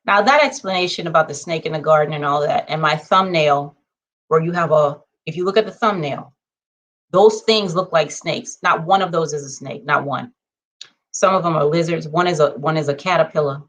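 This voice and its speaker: A woman vlogger speaking in a casual monologue, conversational and animated, checking in with her viewers and counting off her points. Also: moderate pace. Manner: conversational, punctuates points with "okay?" and numbered lists; animated, swings between low asides and excited high bursts.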